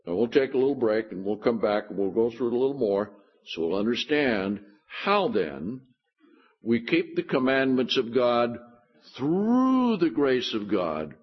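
A man preaches slowly in a husky voice, leaning on emphatic points and sarcastic rhetorical questions. His Bible teaching comes through a dull, lo-fi recording. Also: mid-range voice, sing-song.

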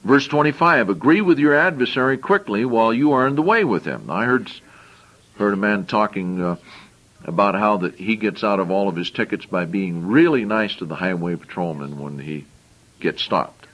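A man's voice: lowish voice, lively intonation, normal speed, a bit bright, rough recording. A man preaching a sermon. He reads scripture aloud and explains it in plain, conversational asides, often repeating and restarting phrases.

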